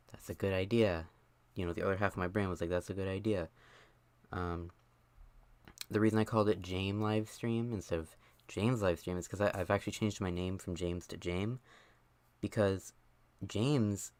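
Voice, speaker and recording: A man's voice: deep voice, no room sound. A young man chatting on a live stream, out of breath, rambling and joking at himself with lots of fillers. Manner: rambling, self-mocking, many fillers. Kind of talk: casual live stream chat.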